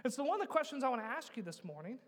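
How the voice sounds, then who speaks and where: A man in his thirties preaching a sermon, swinging between loud urging and hushed emphasis and asking the congregation rhetorical questions. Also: very high-pitched, big pitch swings, racing. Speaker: pastor. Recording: long reverb of a large hall.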